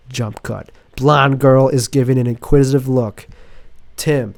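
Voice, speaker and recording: In his apartment, a sick, sniffly man hosts a casual podcast monologue, reading a script aloud in a rambling, sardonic manner that keeps breaking off. His mid-range voice is steady and a little mellow, with vocal fry and a measured pace, and there's no echo.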